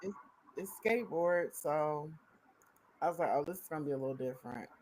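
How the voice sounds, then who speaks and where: A man's voice: on the high side, fairly quick, darkish tone, a little hiss or hum, low-quality recording. A man chatting casually as a co-host in an easygoing, rambling way. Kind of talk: casual recap chat.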